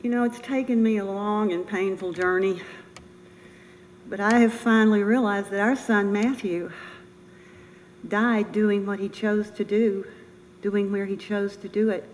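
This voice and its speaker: An older woman giving a personal memorial speech as a bereaved military mother, earnest, halting and emotional. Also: medium pitch, steady tone. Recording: reverberant room with faint noise.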